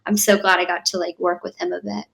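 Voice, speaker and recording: A woman's voice: fairly low pitch, level tone, quick pace, vocal fry, fairly bright tone, low-quality recording. Bubbly young woman with lots of likes. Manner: bubbly, frequent 'like' and 'um', laughs often. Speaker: actress guest. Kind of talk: casual interview.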